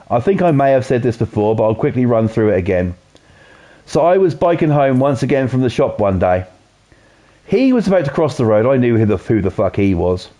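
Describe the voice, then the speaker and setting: A man's voice: mid-range voice, mellow. A man with a Norfolk accent streaming a game and telling a long, profane story in casual, rambling chat. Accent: Norfolk English.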